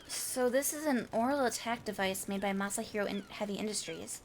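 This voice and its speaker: A woman's voice: mid-range voice, brisk, hardly any pauses, a little hiss or hum. A woman streaming a video game, chatty and self-deprecating, muses aloud and reads the on-screen text. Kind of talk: casual let's-play commentary, reading game text aloud.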